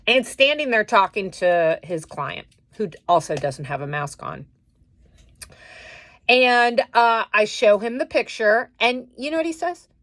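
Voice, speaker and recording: Slow-talking woman venting on a vlog. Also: a little high, dry recording. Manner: indignant, venting, animated retelling. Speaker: vlogger. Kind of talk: casual vlog storytime.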